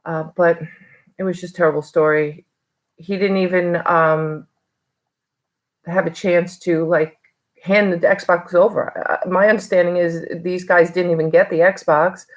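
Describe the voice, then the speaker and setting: A woman's voice: on the low side, fairly even intonation, measured pace. A middle-aged woman from New York talking casually in a haul video, rambling with lots of fillers. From Long Island, New York. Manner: chatty, rambling with many fillers. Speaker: reseller vlogger.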